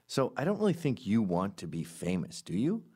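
A man with a very low voice that still swings widely in pitch, riffing through a comedic monologue. He rambles and undercuts himself with dry, sarcastic asides. When he quotes other people, he jumps into loud, high voices. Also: wildly swooping pitch, fairly quick, husky.

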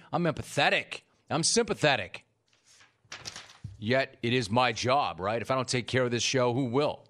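A male radio host with a mid-range voice, talking fast and loose on a call-in show. He teases his producer with mock exasperation and keeps the banter rolling. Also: mid-range voice, a bit bright.

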